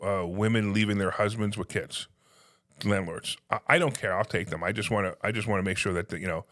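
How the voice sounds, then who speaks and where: A man telling stories in casual conversation, animated, acting out phone calls in quoted voices. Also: fairly low pitch, a little fast. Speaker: podcast guest, real estate investor.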